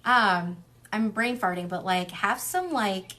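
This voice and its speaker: Her voice sits in the mid range, pushed and bright, and she takes her time as she reads tarot cards for a casual livestream. The young reader is chatty and blunt, curses freely, and keeps straying into tangents padded with "like" and "um."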